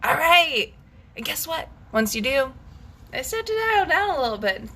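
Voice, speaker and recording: A woman's voice: high voice, big pitch swings, normal speed, bright, forceful tone. A woman leading a guided scream and breathwork session, intense and emphatic, swearing freely as she urges listeners to let their anger out. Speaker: breathwork coach.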